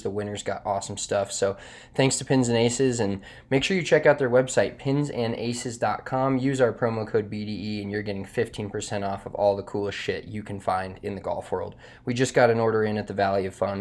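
A man's voice: fairly low pitch, a little mellow. A man co-hosting a golf podcast, brash and swearing freely as he reads a sponsor spot and tells stories. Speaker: podcast co-host. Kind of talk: casual chat and read sponsor spot. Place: makeshift studio office.

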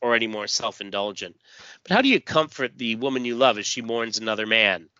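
A man's voice: fairly low pitch, lively intonation, brisk, pushed and bright, smooth, no room sound, lo-fi sound. A man casually recapping a comic book story, with many fillers and acted lines. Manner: reads dialogue in voices, many fillers. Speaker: podcast host reading a comic aloud.

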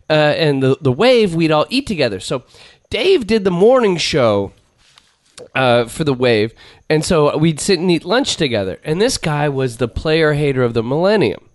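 A middle-aged man telling animated, profane stories in casual chat. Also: moderate pace, no room sound. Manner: animated, profane storyteller, rises in pitch when riled.

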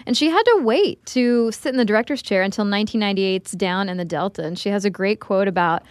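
A woman's voice: mid-range voice, quick pace, clear, resonant tone, no echo, clean studio sound. A woman co-hosting a podcast, explaining events in an easy storytelling way. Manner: explanatory, tells facts in a storytelling way. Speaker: podcast co-host. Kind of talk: casual conversational podcast.

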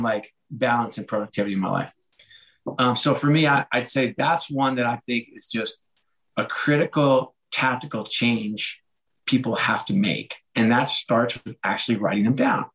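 Animated storytelling man in an interview. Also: medium pitch, moderate pace. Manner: animated storyteller, acts out quoted dialogue with a laugh. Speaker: podcast guest, author and former sports executive. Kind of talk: casual interview chat.

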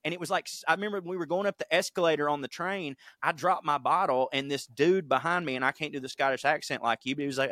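A Southern man swaps stories in bursts, swearing freely and acting out other people's lines. His voice sits a little high for a man. He is recorded close on a dry mic. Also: a bit bright, no room sound. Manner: profane, storytelling, quick bursts. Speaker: podcast co-host. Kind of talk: casual chat.

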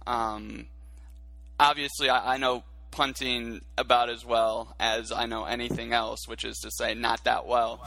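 A man co-hosting a sports podcast, talking in a measured, reflective way on a close mic. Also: medium pitch, flat delivery, vocal fry, bright, forceful tone. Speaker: podcast co-host. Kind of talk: casual sports chat.

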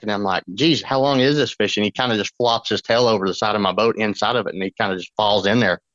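A man, a fishing guide on a podcast, telling a long story in a rambling, excited way with lots of fillers. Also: lowish voice, no room sound, lo-fi sound. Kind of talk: casual storytelling.

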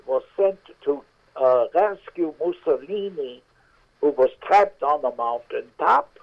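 A man's voice: on the high side, pitched above the performer's own voice. A man voicing a boastful male ex-soldier maitre d' with a put-on foreign accent, heard over a tinny phone line. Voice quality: proud, matter-of-fact bragging.

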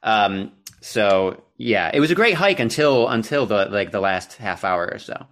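A man's voice: lowish voice, expressive, unhurried, a bit bright. A young man co-hosting a podcast, telling a long story in a casual, profane and exasperated way and poking fun at himself. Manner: profane, self-deprecating, exasperated. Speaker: podcast co-host.

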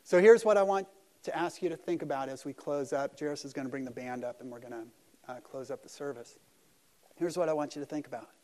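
A man's voice: fairly high pitch, a little mellow. A man preaching a sermon at a church service, earnest and conversational, with self-deprecating asides. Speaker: pastor.

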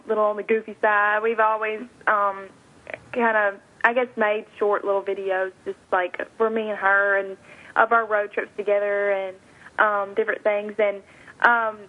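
A woman's voice: medium pitch, fairly even intonation, unhurried. A woman guest on a radio show, talking hesitantly with many fillers. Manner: goofy, hesitant, filler-heavy. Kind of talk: casual interview over phone. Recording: tinny phone line.

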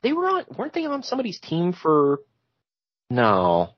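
A man's voice: high voice, huge pitch swings, normal speed, no room sound. A man co-hosting a podcast, casually recapping wrestling with jokey asides and frequent laughs. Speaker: podcast co-host. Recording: dull lo-fi sound.

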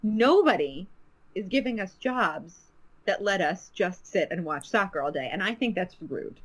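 A woman's voice: medium pitch, lively intonation, normal speed. A woman co-hosting a podcast in casual chat, teasing and playful. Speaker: podcast co-host.

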